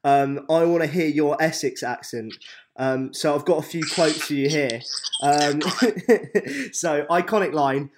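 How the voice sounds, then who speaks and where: Man, Welsh accent, a bit high-pitched, teasing podcast host, faint background noise. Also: a little slow. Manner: teasing, laughs often. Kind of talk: casual podcast chat.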